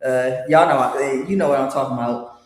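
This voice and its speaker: A middle-aged woman hosting a tarot channel, telling a story to her viewers in a lively, exclaiming way with frequent laughter. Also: rumbling low, brisk. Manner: animated, exclaiming, laughing often. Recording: very echoey, reverberant room.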